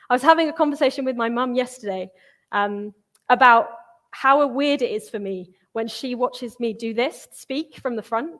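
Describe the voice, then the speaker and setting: A woman's voice: on the high side, normal speed. A young woman, preaching in a church in a conversational way and reading scripture with feeling. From England. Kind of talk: sermon.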